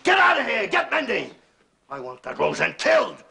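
An actor playing a ruthless male crime boss in a 1970s crime film, curt and quick to explode into shouting. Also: medium pitch, lively intonation, gravelly, crowd noise. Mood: furious. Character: ruthless male mob boss, hot-tempered.

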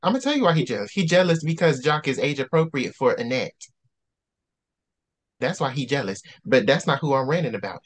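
A man's voice: mid-range voice, sing-song, a little fast. A man hosting a book discussion, going on a heated rant and hammering his points with repetition. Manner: heated ranting, repeats himself for emphasis. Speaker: host.

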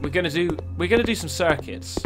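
A man's voice: a little high, expressive, quick pace. A man talking to himself while playing a horror game, jumpy and swearing as he goes. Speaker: gaming YouTuber. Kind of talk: horror game let's play commentary. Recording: game music underneath. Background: spooky game music.

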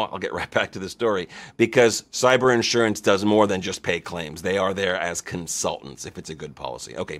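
Middle-aged male host, mid-pitch, chatty storyteller who acts out the quotes. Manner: animated, conversational, acts out quotes. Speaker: insurance show host. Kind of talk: storytelling monologue.

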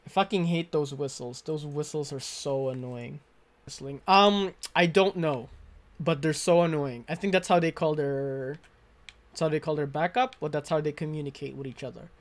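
A man's voice: on the high side, fairly even intonation, normal speed. A man giving live commentary while playing a video game, swearing and venting frustration at enemies into a close desk mic. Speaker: gaming streamer.

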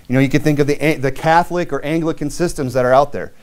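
A man's voice: on the high side, steady tone, fast talker. A man preaching a sermon as pastor in a church, reading scripture aloud and talking plainly with frequent restarts.

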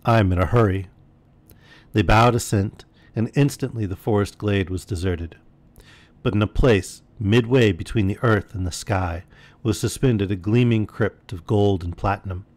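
A man reading a classic story aloud as a bedtime storyteller, steady and expressive. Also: lowish voice, a little slow.

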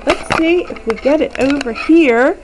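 A woman's voice: sits high, a little slow, background noise. A woman teacher guiding young children through acting out a story, with encouraging, sing-song prompting in a classroom. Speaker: preschool teacher.

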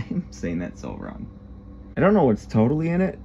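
A man on tour as a bassist, chatting straight to the camera in a casual travel vlog and poking fun at himself. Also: huge pitch swings, moderate pace, vocal fry, dark tone, dull audio, a little hiss or hum. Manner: chatty, self-mocking, talks straight to camera. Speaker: touring bassist.

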